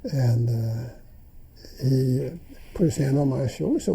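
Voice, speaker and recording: A man's voice: medium pitch, expressive, unhurried, vocal fry, warm tone, husky. An older man in an interview, telling memories as stories and acting out the dialogue he recalls. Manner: anecdotal, acts out remembered dialogue. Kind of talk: reminiscing interview storytelling.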